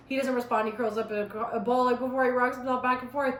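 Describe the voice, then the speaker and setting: A woman's voice: fairly high pitch, quick pace, hardly any pauses. A teenage girl reading her old fan story aloud, breaking off for sarcastic, chatty asides. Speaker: vlogger. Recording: roomy echo.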